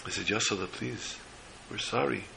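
He speaks at normal speed with a fairly low, creaky voice, on a rough recording. The man is preaching a religious story, acting out the characters' voices with animated feeling.

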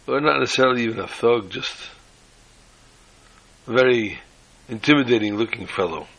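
A man's voice: medium pitch, moderate pace, a bit bright, low-quality recording. A man teaching a sermon-style class on the Haggadah, telling a joke and peppering his talk with Hebrew and Yiddish terms. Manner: storytelling, uses Hebrew and Yiddish terms, restarts often.

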